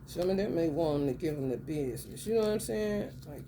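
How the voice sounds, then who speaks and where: A woman giving casual spiritual commentary, blunt, profane and streetwise, drawing some phrases out and rushing others. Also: fairly low pitch, expressive, noisy background. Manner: emphatic, swings between drawn-out and rapid phrases. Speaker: spiritual reader.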